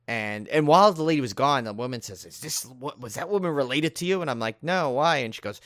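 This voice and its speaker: A man's voice: medium pitch, fast talker, dry recording, clean studio sound. Man animatedly telling a story. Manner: animated anecdote-telling, acts out quoted people. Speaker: podcast co-host. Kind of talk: casual storytelling chat.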